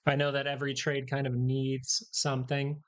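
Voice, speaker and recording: A man's voice: mid-range voice, monotone, normal speed. A man hosting a live stock market stream, rambling through casual commentary, correcting himself and joking with his chat.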